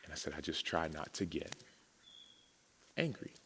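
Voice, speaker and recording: A man with a rumbling low voice and moderate pace delivers a personal testimony at a men's summit, in a large hall with an audience. The recording is reverberant with a little hiss or hum, and he acts out the conversations he recounts, growing emotional and animated.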